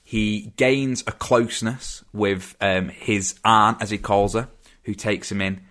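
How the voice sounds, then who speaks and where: A young man chatting casually on a film podcast, relaxed and quick to laugh. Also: lowish voice. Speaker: podcast host.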